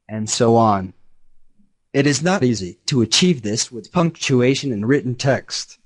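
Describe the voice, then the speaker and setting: A text-to-speech male voice giving a measured, explanatory scripted lesson narration. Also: mid-range voice. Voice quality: even synthetic delivery.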